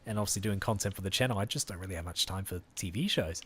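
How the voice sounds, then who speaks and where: Easygoing man, low voice. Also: rapid-fire, husky. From Australia. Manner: easygoing, chatty, thanks viewers warmly. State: tired. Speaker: game streamer. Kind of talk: casual live-stream chat.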